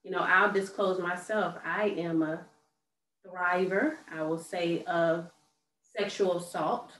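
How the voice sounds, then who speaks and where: A woman host speaks in a low, unhurried voice, affirming her guest with soft murmurs. The sound is roomy and heard from a distance, with a faint hiss underneath. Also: fairly even intonation. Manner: slow, affirming, many soft murmurs of agreement. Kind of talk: supportive interview chat. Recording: roomy echo, distant mic, faint noise.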